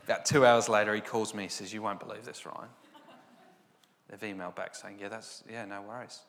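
A man's voice: fairly low pitch, steady tone, brisk, fairly bright tone, slight background noise. A man giving a personal Christian testimony, storytelling and acting out the dialogue. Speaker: Christian speaker sharing testimony. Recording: long hall reverb.

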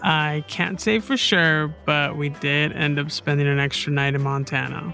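A man's voice: on the high side, steady tone, moderate pace, vocal fry, sharp tone, soft background music. A man joking his way through a scripted comedy as its narrator and lead. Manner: joking, casual.

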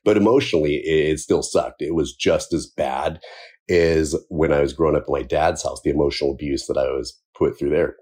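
Very deep, husky-voiced man telling his story. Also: fairly even intonation, a little fast, a little mellow. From Southern California. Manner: candid, plain-spoken, laughs off hard memories. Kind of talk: casual personal storytelling.

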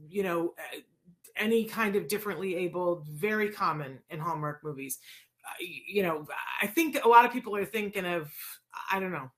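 Female live-show host, forties, lowish pitch, loose and conversational with plenty of fillers. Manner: chatty and warm, many fillers. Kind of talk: casual live-stream talk. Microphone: live-stream mic.

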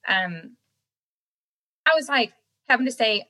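A young woman with a softened Southern American accent, chatting casually as a guest and laughing often. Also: medium pitch, moderate pace, poor audio. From Southern United States. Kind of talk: casual chat.

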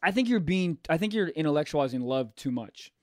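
A young man, a comedian co-hosting a podcast, who talks in an emphatic, excitable and profane way and slides easily into rants. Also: a little high, fairly quick, dry recording, studio quality. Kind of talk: casual chat.

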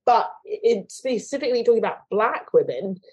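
A woman's voice: fairly high pitch, big pitch swings, normal speed, mellow, husky, rough recording. A woman being interviewed, speaking thoughtfully and acting out the voices of people she quotes. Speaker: guest. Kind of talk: conversational interview.

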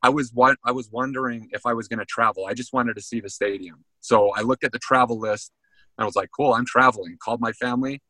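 A man's voice: medium pitch, fast, no room sound, rough recording. A man, a former college football player, telling a story in a casual interview and often saying "man". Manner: animated storyteller, says "man" a lot.

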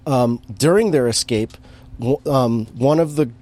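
A man's voice: medium pitch, measured pace, mellow. A man in casual chat, recapping a movie with lots of fillers and restarts and an amused tone. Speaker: podcast co-host recapping a movie.

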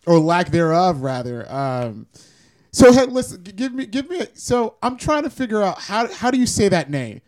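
Easygoing South Florida guy, slightly high voice. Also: sing-song, normal speed, darkish tone. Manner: easygoing, slangy, says "you know what I'm saying" a lot. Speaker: podcast guest. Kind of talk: casual podcast chat.

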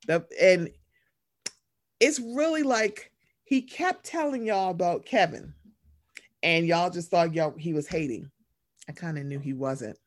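A man hosting a casual chat, animated and sarcastic, swearing freely and slipping into mocking voices. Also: sits high, a little slow.

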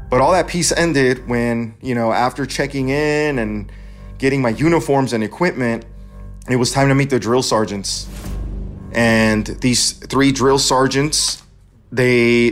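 A man in his forties from California, earnestly telling a personal story in a plain, conversational way. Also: medium pitch.

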